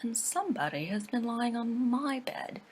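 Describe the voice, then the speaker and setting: A woman voicing a mild middle-sized bear, speaking softly and half-whispered. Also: a little high, expressive, moderate pace, a little hiss or hum, pitched above the performer's own voice, close to an everyday voice. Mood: puzzled.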